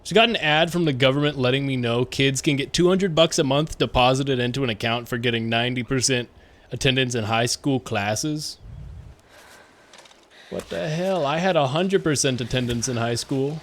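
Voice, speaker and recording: A man's voice: mid-range voice, normal speed, a bit bright. A man in his twenties chatting casually and joking with viewers while he plays a game live. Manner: rambling, jokey, talks to chat while playing. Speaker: streamer.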